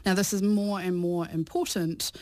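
A woman explaining social media and tech news in a clear, brisk, explanatory way on a casual radio chat. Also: fairly low pitch, steady tone, darkish tone, dry recording.

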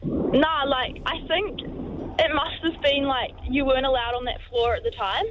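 Hesitant high-voiced woman caller. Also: measured pace, dull audio, background noise. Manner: hesitant, lots of fillers. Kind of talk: telling a story.

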